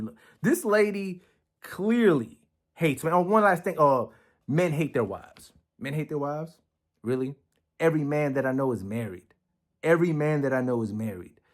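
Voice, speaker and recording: A man's voice: a little high, fairly bright tone. A man giving casual reaction commentary on a video, blunt and profane, often acting out quoted lines. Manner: acts out other people's lines in quoted voices.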